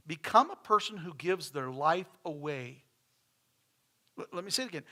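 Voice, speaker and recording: Bright-voiced pastor preaching. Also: male voice, on the high side, lively intonation, normal speed. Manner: folksy storytelling, repeats key phrases for emphasis. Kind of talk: sermon. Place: church.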